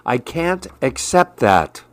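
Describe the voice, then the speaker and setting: A man's voice: medium pitch, sing-song, slow, no room sound. A man voicing a grumpy, solitary man in a storybook reading, his lines fussy and insistent. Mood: frantic. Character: grumpy solitary man who wants to be alone.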